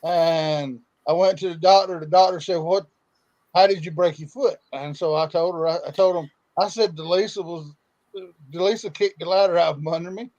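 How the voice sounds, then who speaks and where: A man's voice: on the high side, fairly even intonation, normal speed, darkish tone, muffled recording. A man casually telling a story among friends, stammering and repeating words as he goes.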